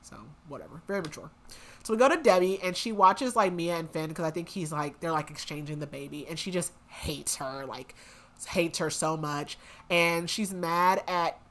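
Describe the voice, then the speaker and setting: A woman's voice: lowish voice, normal speed, fairly bright tone. Chatty young woman recapping a book plot. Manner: chatty, lots of "like" and "um", acts out quotes. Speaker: book podcast co-host.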